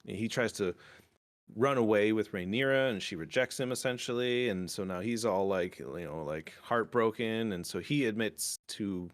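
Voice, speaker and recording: A man hosting a casual podcast, recapping a TV episode in a rambling, excitable way and swearing freely. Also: fairly low pitch, normal speed. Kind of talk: casual chat.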